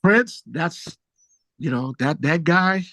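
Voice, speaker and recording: A middle-aged musician tells stories casually in an interview, taking his time, and the recording has no echo. He's an animated storyteller who acts out what people said with big jumps in pitch.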